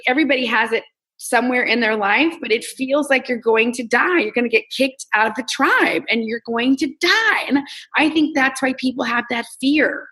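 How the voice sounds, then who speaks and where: A woman's voice: fairly high pitch, slightly rough, low-quality recording. A woman from Texas, a comedian and coach talking candidly as an interview guest and acting out her own self-talk. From Texas, US South. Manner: candid, animated, acts out quoted self-talk. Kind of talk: casual interview conversation.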